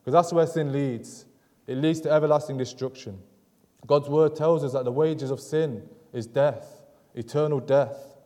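A man's voice: on the high side, fairly even intonation, dark tone. Earnest male preacher in a reverberant church. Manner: earnest, measured preaching with emphatic repetition. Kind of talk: sermon. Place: church sanctuary.

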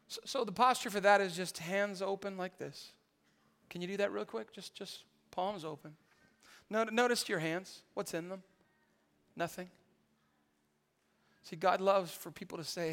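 A man preaching a sermon in a conversational way, with stammered restarts, building to loud emphatic climaxes. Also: high-pitched, normal speed, long reverb tail. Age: adult. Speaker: pastor.

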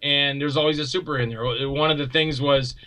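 A man being interviewed as a guest, an indie actor and filmmaker, telling stories in a rambling, animated way with many restarts. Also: on the high side, a little fast. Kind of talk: casual interview chat.

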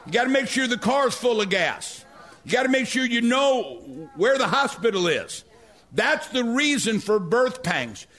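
A middle-aged male pastor preaching a sermon, telling stories with animated energy and rising to near-shouts. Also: very high voice, a little slow.

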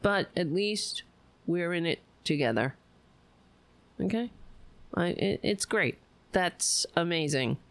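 A woman's voice: on the low side, slow pace, vocal fry, pauses often, no echo. A woman hosting a live stream, giving casual political commentary with a lot of swearing and sarcasm. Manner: profane, animated, sarcastic.

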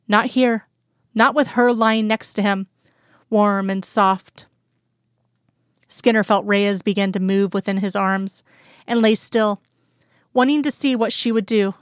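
A woman narrating a romance story aloud in a calm, even storytelling manner. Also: medium pitch, clear, resonant tone, dry recording, clean studio sound. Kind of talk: reading romantic fan fiction aloud.

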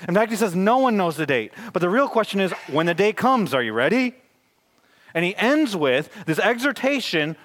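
Male pastor, slightly high voice, emphatic sermon delivery with wide swings in volume. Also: lively intonation, quick pace, fairly bright tone. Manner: emphatic, varies volume widely.

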